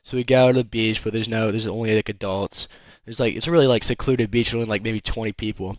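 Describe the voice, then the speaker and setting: A man's voice: lowish voice, fairly even intonation, quick pace, no room sound, dull audio. A young man telling a rambling storytime story in casual chat, filled with "like" and swearing. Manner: rambling, heavy swearing, lots of "like". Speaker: vlogger.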